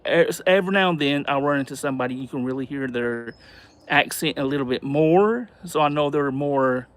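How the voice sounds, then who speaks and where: A man hosting a casual livestream, rambling and hesitant as he reads out and answers viewer comments. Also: on the high side. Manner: rambling and hesitant, many fillers and restarts. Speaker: livestream host.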